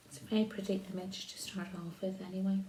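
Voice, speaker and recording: A woman demonstrating a card-making craft, talking slowly while she paints and trailing off softly. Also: medium pitch, steady tone, a little hiss or hum. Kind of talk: crafting tutorial. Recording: roomy echo.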